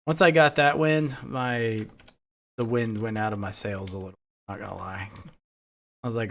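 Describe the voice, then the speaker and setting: A man's voice: lowish voice, fairly even intonation, moderate pace, vocal fry, pauses often, a bit bright. A man streaming a game, chatting casually and telling rambling stories full of profanity. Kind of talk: casual chat while playing.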